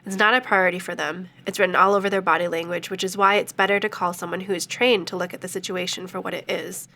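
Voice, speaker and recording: A woman's voice: medium pitch, vocal fry, sharp tone. A woman who works in social services, speaking firmly and matter-of-factly in an interview. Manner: firm, matter-of-fact. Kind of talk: recorded interview clip.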